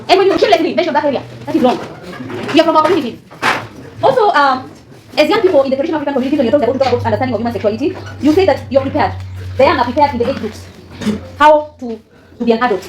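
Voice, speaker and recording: A woman with a high-pitched voice teaches a classroom lesson, frequently quizzing students with fill-in questions and laughing. The room is echoey and noisy, full of student chatter.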